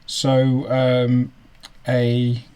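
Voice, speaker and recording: A man narrating as game master, halting with many ums and restarts. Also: medium pitch, completely flat delivery, darkish tone, clear, resonant tone. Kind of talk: narrating a tabletop game online.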